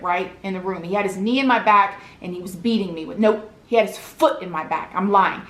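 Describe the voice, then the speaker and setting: A woman's voice: a little high, fairly bright tone. A woman, a vlogger telling an emotional story from her childhood in an earnest, confiding way, often asking the listener "right?". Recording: echoey room.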